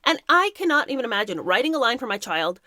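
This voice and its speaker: A woman's voice: on the high side, sing-song, fast talker, bright, forceful tone, no echo, studio quality. A woman in her thirties hosting impassioned commentary, talking emphatically and indignantly, sometimes mocking the people she talks about. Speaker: commentary host.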